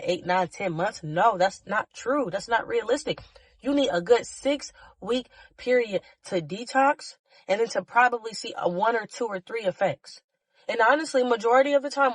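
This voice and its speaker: A woman's voice: a little high, no room sound. Woman host, solo motivational podcast, impassioned and blunt, salty language, dry close sound. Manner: passionate and blunt, swearing freely; emotional, preachy urging of listeners.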